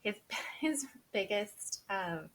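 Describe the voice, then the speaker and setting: A woman's voice: mid-range voice, expressive, very slow, fairly bright tone, slight background noise. A woman in her thirties, a podcast interview guest, telling her personal story candidly and with feeling, laughing often and quoting what she and others said.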